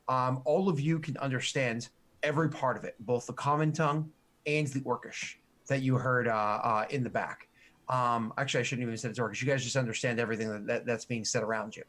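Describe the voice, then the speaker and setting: A man's voice: medium pitch, a bit bright. A man narrating as game master, rambling with many fillers and restarts.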